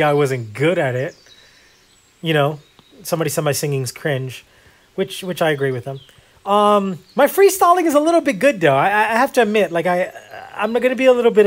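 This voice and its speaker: A man hosting a casual gameplay video, chatting in a rambling, self-deprecating way with lots of fillers. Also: sits high. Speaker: gaming video host.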